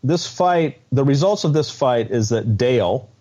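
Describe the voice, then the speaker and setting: A man co-hosting a podcast, talking in a halting, restarting way about a reality show episode. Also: mid-range voice, animated, mellow. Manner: halting, many restarts and fillers. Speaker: podcast co-host. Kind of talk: casual chat. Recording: dull, muffled audio.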